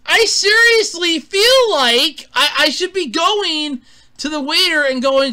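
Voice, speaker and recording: A man with a high, lively voice rants about a video game. He swings all over his range, from muttered disgust to loud, profane outbursts. His tone is bright and edgy throughout. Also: slow pace. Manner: exasperated, profane, shouting bursts. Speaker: gaming commentator. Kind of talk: angry gaming rant.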